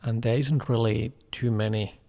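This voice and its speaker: A man with a deep, heavily gravelly voice talks in a slow, measured way, pausing on fillers. His delivery stays flat and even. The recording has a long, reverberant tail. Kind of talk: casual chat.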